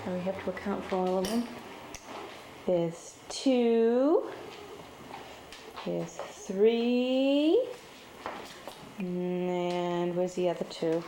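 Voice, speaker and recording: A woman's voice: fairly low pitch, drawn-out words, pauses often, mellow, reverberant, a little hiss or hum, low-quality recording. A woman filming at home, giving playful running commentary and talking to pets in a sing-song voice. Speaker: home video narrator.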